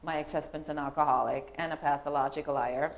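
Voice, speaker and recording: A woman's voice: low-pitched, fairly even intonation, quick pace. A middle-aged woman telling a personal story in a chatty, anecdotal way. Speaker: speaker in a clip. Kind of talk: storytelling talk.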